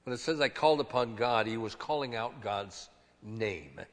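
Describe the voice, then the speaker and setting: A man preaching a sermon, swinging from hushed, low phrases to loud shouted ones and drawing key words out slowly. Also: expressive. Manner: slow, drawn-out emphasis on key words. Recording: long reverb of a large hall.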